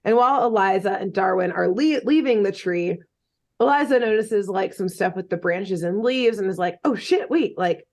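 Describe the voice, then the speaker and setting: A podcast co-host, a woman with a medium-pitched, darkish voice, recaps a cartoon episode at a moderate pace. Her casual retelling is jokey and rambling, packed with fillers and laughter.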